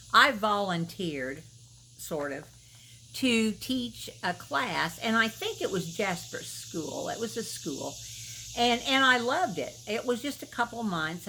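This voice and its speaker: A woman's voice: medium pitch, fairly bright tone, a little hiss or hum, poor audio. Folksy woman preaching to the viewer. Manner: folksy, storytelling, emphatic, asks the viewer questions. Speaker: Christian video minister. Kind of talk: devotional talk to camera.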